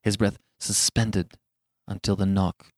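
A man narrating a horror story in a hushed, suspenseful way. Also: on the low side, level tone, slow, no echo, clean studio sound. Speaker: audiobook narrator.

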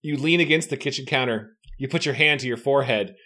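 A man's voice: medium pitch, quick pace, pushed and bright. A man reading a choose-your-own-adventure book aloud with theatrical flair and jokes. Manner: theatrical, jokey. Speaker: host reading a gamebook aloud. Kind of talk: dramatic read-aloud with banter.

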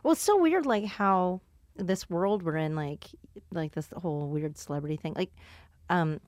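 A woman comedian hosting a podcast, telling stories in a lively casual way with lots of fillers and laughter. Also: fairly low pitch, moderate pace, no room sound, studio quality. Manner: animated storyteller, laughs often, frequent fillers. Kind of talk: casual chat.

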